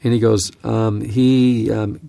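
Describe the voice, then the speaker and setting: Gravelly, low-voiced male Bible teacher. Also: takes it slowly, no room sound, studio quality. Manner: earnest, animated storyteller with frequent restarts. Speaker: Bible teacher and podcast host. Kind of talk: conversational teaching with storytelling.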